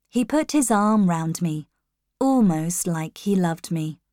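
A woman narrating a storybook in the first person, reading clearly and carefully. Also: on the low side, lively intonation, slow, mellow, no echo, clean studio sound. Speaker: audiobook narrator.

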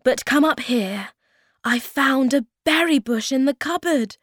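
A woman reading aloud, voicing a gentle, calm motherly creature in a soft, lilting voice. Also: sits high, a little slow, no echo, studio quality, pitched above the performer's own voice, exaggerated voice.

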